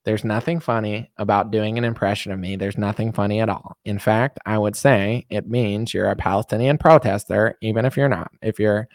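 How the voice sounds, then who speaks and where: A man doing a rapid-fire combative pundit. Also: lowish voice, steady tone, dry recording, natural voice. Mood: ranting. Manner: fast, self-contradicting rant.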